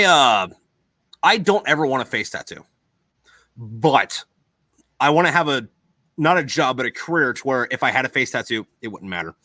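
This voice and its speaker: A man's voice: mid-range voice, bright, forceful tone, dry recording. A man in casual podcast chat who tells stories in a rambling, profane way.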